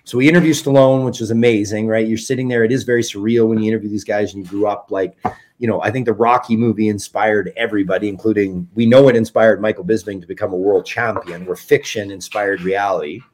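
A man in his forties with a slightly low voice, talking casually as an interview guest. He tells behind-the-scenes stories with energy and slips into quoted dialogue as he goes. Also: fast. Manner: animated, acts out quoted dialogue. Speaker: documentary filmmaker guest.

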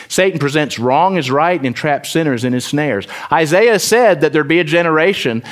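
A man preaching a sermon as pastor, building to sudden loud emphatic bursts and dropping back to a conversational tone. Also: mid-range voice, lively intonation, a little fast, few pauses. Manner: mimics voices in quoted asides.

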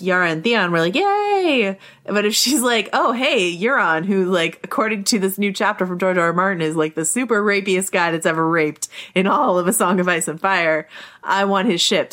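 A woman co-hosting a casual podcast discussion, animated and chatty, with quick asides. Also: on the low side. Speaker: podcast co-host.

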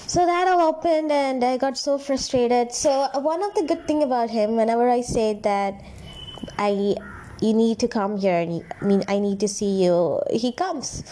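Young woman vlogger, slightly high voice, rambling candid storytime, confiding and emotional. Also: fairly even intonation, moderate pace, warm tone, slight background noise. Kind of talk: casual storytime vlog.

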